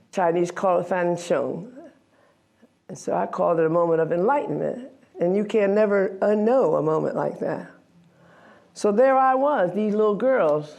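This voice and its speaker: Gravelly older woman telling her story. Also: lowish voice. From United States. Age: 80s. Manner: candid, wry, animated storytelling with self-mocking laughs. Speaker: guest speaker, activist. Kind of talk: storytelling talk before an audience.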